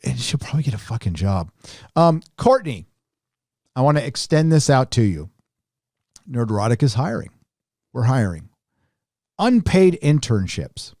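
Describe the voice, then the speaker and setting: A man's voice: medium pitch, big pitch swings, unhurried, long pauses, darkish tone, no room sound, studio quality. A middle-aged man hosting a casual commentary show, talking in a sarcastic, mocking way. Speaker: host.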